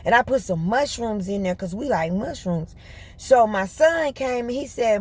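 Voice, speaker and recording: Animated, fast-talking woman telling a story. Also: on the high side, husky. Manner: animated, colloquial, laughs often; talks fast, in bursts. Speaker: vlogger. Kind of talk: casual storytelling to viewers.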